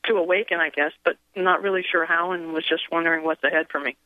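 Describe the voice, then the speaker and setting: Woman calling in to the radio, hesitant and halting, phone-line tinny. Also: fairly low pitch, fairly even intonation, dry recording. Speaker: caller. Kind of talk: radio call-in.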